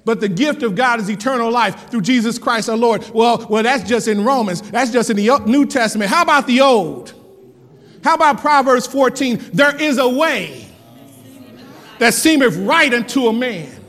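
High-voiced preacher man in a reverberant hall. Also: moderate pace. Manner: animated, preacherly, repeats for emphasis, laughs often. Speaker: pastor. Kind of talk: sermon.

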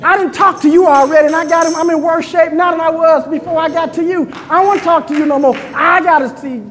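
A man preaching a fervent sermon to his congregation, calling out to them and often shouting. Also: very high voice, fairly even intonation, fast talker, big-room sound, faint music behind. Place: church hall.

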